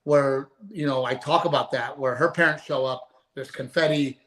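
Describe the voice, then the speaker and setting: A man's voice: medium pitch, steady tone, moderate pace, fairly bright tone, rough recording. A man, a comedian guest, telling family stories in casual podcast chat and acting out the dialogue.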